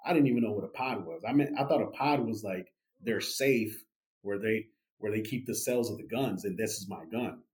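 A young man casually telling a story as a podcast guest, animated and full of fillers like "you know" and "right". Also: fairly low pitch, brisk. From United States.

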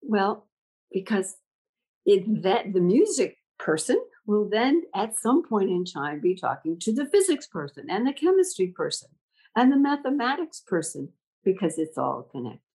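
A woman's voice: medium pitch, moderate pace, husky, rough recording. An older woman who leads a school, telling stories in a reflective conversation and acting out the dialogue in her anecdotes. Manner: animated, acts out dialogue in anecdotes. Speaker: school leader.

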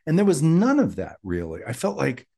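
A man's voice: fairly high pitch, brisk, vocal fry. A man co-hosting a TV rewatch podcast in casual chat, acting out imagined reactions as he makes his points. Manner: animated, acts out imagined reactions in little voices. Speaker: podcast co-host.

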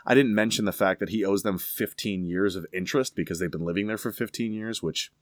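A man casually telling a story with emphatic, animated delivery. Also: on the low side, a little fast, dry recording, studio quality.

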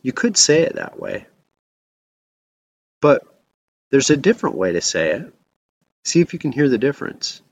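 A man's voice: mid-range voice, very animated, moderate pace, long pauses, slightly rough, lo-fi sound. A man preaching a reflective sermon as a pastor.

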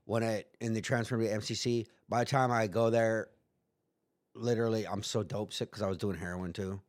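A man's voice: lowish voice, fairly even intonation, a little fast. A man telling a story in casual chat, rambling and profane, acting out quotes in put-on voices. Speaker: guest.

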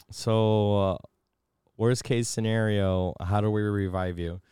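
A man's voice: fairly low pitch, warm tone, clear, resonant tone, no room sound, studio quality. A man in casual, joking chat who swears freely and slips into mock-solemn narration.

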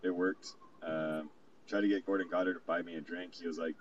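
A man's voice: sits low, little pitch movement, fairly quick. A man telling a rambling, profane party story in casual chat over a remote call. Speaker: guest recounting a party. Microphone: remote call mic. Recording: distant muffled mic with faint hiss.

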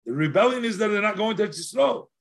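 A man's voice: high-pitched, expressive, fast, creaky. A man teaching a text-study lesson, working through questions aloud and slipping Yiddish and Hebrew phrases into his speech, his voice rising as he asks them. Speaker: Torah teacher.

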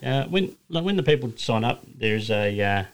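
A man's voice: mid-range voice, animated, moderate pace, gravelly. A man with an Australian accent, a racing driver telling rambling stories in a casual podcast chat, full of fillers and restarts. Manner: rambling anecdotal storyteller, many fillers and restarts.

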